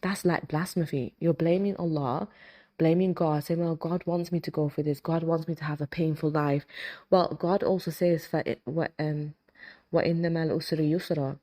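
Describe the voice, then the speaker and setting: A woman in her thirties with a low, mellow voice talks to her listeners in a motivational, faith-based tone. She hammers her points home by repeating key phrases, slowing down on the lines that matter. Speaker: podcast host and hypnotist. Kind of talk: motivational religious talk.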